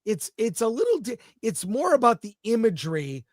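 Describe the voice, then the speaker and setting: A man's voice: sits high, huge pitch swings, normal speed, dry recording, studio quality. A man co-hosting a casual film chat, talking in an enthusiastic, chatty way and describing what he sees on screen. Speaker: podcast co-host.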